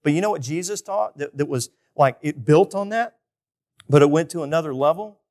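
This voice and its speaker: Speaking in a somewhat high, expressive voice at a slightly fast clip, this male pastor delivers a chatty sermon. He keeps questioning the congregation and shifts from forceful, loud moments to hushed asides.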